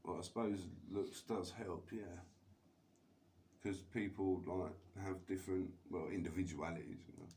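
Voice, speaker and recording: A man's voice: low voice, steady tone, measured pace, a little mellow, slight background noise. A man telling a long rambling story on a live stream, swearing constantly and laughing between lines. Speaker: livestreamer.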